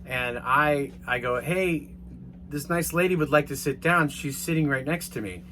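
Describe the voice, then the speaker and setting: A bright, forceful-sounding man tells a rambling story in a casual, animated way, swearing now and then. His voice sits at an ordinary pitch, and a faint hum runs under the recording. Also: normal speed. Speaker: vlogger.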